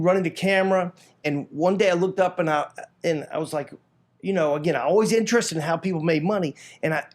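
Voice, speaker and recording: A middle-aged man from Florida recounts his past in a loose, rambling interview style. His voice sits high for a man, and he leaps into other people's lines with raised, animated delivery, often stumbling and restarting mid-sentence. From Florida, United States. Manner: frequent restarts and repeated words. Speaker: guest telling his life story. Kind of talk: casual storytelling.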